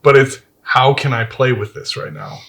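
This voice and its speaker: A man in a casual podcast chat who reasons through things in a measured, questioning way. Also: mid-range voice, fairly even intonation, a bit bright. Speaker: podcast co-host.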